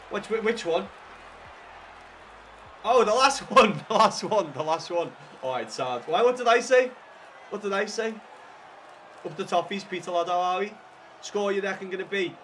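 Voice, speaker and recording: A young man chatting casually to viewers while streaming a football video game, rambling and swearing with excited bursts. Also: high voice, a little hiss or hum. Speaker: gaming livestreamer. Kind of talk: casual livestream chat with viewers.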